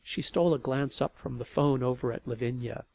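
A man narrating a novel in an expressive storytelling manner. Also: mid-range voice, brisk. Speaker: audiobook narrator. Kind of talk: scripted narration.

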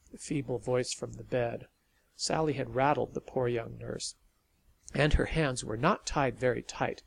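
Gravelly man narrating a story. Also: medium pitch, steady tone, measured pace. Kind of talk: audiobook narration.

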